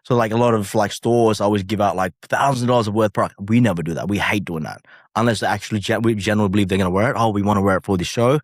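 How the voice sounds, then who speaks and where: A man, a boutique owner guest telling animated stories in a casual interview, acting out what people said. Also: lowish voice, very fast, no room sound, clean studio sound. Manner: animated storyteller, acts out quotes in a raised voice. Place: podcast studio.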